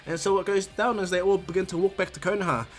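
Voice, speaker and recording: A man's voice: sits high, fairly even intonation, quick pace, faint music behind. Man rambling through a fan story. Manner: casual, rambling, many restarts. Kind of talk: fan what-if story narration.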